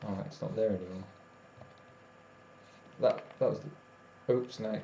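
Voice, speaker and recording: A tired man chats casually with his stream's viewers, rambling in a steady, measured way; his voice is fairly low and dark-toned. The audio sounds lo-fi and dull, with room echo and faint noise.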